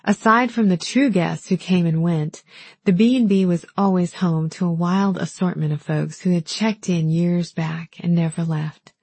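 Breathy woman narrating a novel. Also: on the low side, normal speed, a little mellow, no room sound. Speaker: audiobook narrator. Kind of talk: first-person novel narration.

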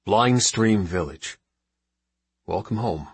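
A man's voice: lowish voice, expressive, slow, slightly rough, no echo, exaggerated voice. A man voicing a stern, grieving old father in a storybook reading, speaking in a clipped way through his teeth.

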